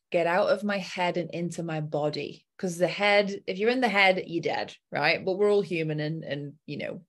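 A young adult woman coach telling a personal story in a casual chat and acting out her own inner voice. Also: sits low.

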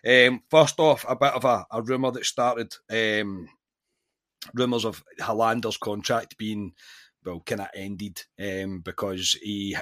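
A man's voice: lowish voice, fairly even intonation, unhurried, a bit bright. A Scottish man hosting a podcast, chatting casually and animatedly with frequent restarts and exasperated opinions. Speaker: podcast host.

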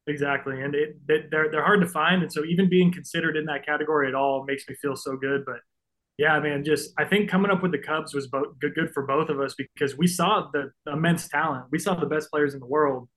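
A man's voice: on the high side, fairly even intonation, fairly quick, fairly bright tone, rough recording. A man in his thirties speaks in a slightly raised voice as a podcast guest. He sounds earnest and openly moved, with plenty of "like" and restarts. The tone is loose and conversational. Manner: earnest, openly emotional, many fillers. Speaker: guest, pro baseball pitcher. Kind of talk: casual podcast interview.

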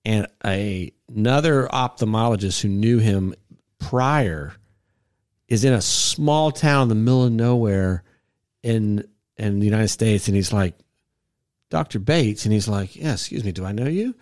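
A man's voice: lowish voice, expressive, a little slow, darkish tone, dry recording, clean studio sound. A man hosting a podcast, telling a story in a rambling, casual way, repeating words and acting out quotes.

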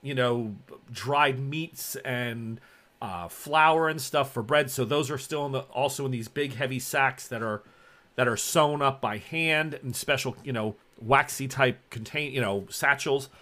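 A man's voice: mid-range voice, a little slow, sharp tone. Male game master, loose descriptive narration, lots of fillers. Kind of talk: narrating a tabletop role-playing game.

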